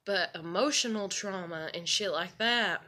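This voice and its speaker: A woman's voice: on the low side, unhurried, pushed and bright. A woman telling a personal story in a casual, rambling, candid way, swearing and filling with "you know" and "like".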